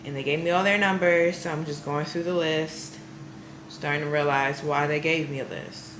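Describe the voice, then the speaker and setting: Woman, casual vlog chat, amused and exasperated, low-ish voice, echoey room with faint hiss. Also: steady tone, moderate pace. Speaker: vlogger. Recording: roomy, faintly noisy room.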